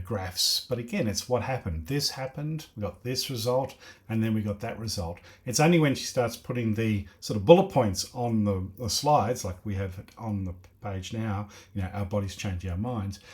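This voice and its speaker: A man hosting a reaction video, commenting casually on a talk and thinking aloud as he goes. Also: on the low side. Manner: thinking aloud, many fillers and restarts.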